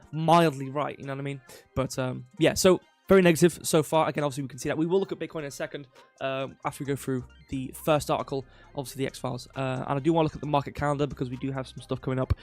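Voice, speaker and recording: A young man hosting a casual crypto livestream, rambling with lots of fillers and offhand jokes. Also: medium pitch. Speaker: crypto news host.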